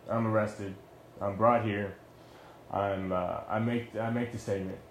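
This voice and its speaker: A man's voice: on the low side, fairly even intonation, unhurried, roomy sound, slight background noise. A young man, a former Marine, telling the story of his own arrest in a heated, blunt way, with swearing and many restarts. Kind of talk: heated first-person account.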